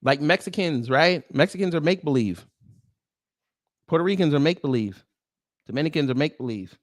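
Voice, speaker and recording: A man's voice: mid-range voice, no echo, studio quality. A man hosting a live-stream commentary show, answering his chat in a sarcastic, mocking and confrontational way. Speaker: host of a news commentary livestream.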